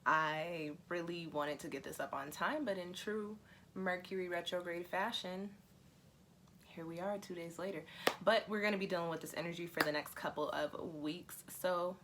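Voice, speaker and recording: A woman's voice: lowish voice, moderate pace, noisy background. A woman hosting her astrology and tarot channel, talking in a chatty, emotional way with frequent laughs and fillers. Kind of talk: casual vlog explanation.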